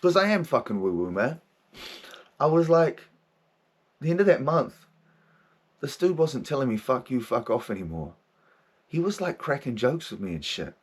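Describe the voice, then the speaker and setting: A man's voice: medium pitch, big pitch swings, normal speed, pauses often, slightly rough. A man in his thirties, a podcast host and therapist, talking candidly in a casual monologue, swearing often and laughing as he goes.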